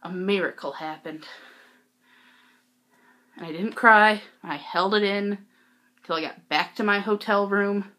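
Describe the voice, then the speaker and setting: A teenage girl vlogging, telling a story casually, giggly and excitable with lots of "like". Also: medium pitch, a little slow, pauses often.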